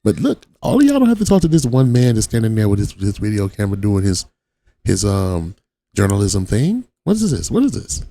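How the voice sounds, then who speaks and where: A man's voice: lowish voice, animated, a little fast, warm tone, dry recording. A man from Watts giving blunt, profane reaction commentary on a video as the channel host. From Watts, Los Angeles. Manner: blunt, profane street talk.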